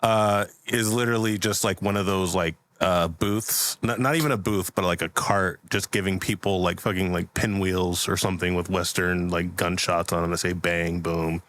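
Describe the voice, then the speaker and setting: A man's voice: deep voice, fairly even intonation, moderate pace, few pauses, a bit bright. A young man hosting a podcast, improvising a story in casual chat, rambling with many filler words and frequent laughs. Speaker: podcast host.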